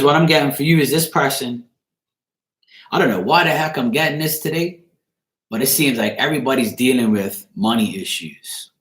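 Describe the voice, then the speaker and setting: A man's voice: mid-range voice, a bit bright. Blunt, rambling man in an echoey room. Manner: loose, blunt and crude, rambling with "you know what I'm saying". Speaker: tarot reader on a live stream. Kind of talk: casual live-stream reading.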